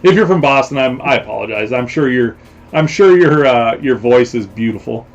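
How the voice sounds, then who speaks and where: A man hosting a livestream show, chatting casually and rambling between jokes with a quick laugh. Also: medium pitch, expressive. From Canada. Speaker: show host. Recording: slightly dull lo-fi stream audio.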